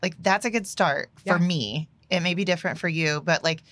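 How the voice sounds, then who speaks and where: A woman speaking in a casual podcast conversation, thoughtful and supportive as she shares her own view. Her voice is a little lower than most women's and sounds dry and close to the mic. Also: brisk, fairly bright tone, dry recording. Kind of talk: casual chat.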